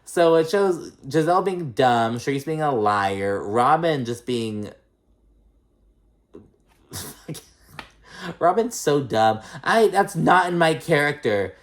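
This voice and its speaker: A man's voice: a little high, lively intonation, takes it slowly, pauses often. Blunt, profane man recapping reality TV. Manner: blunt, profane, opinionated, lots of fillers. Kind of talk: casual recap commentary.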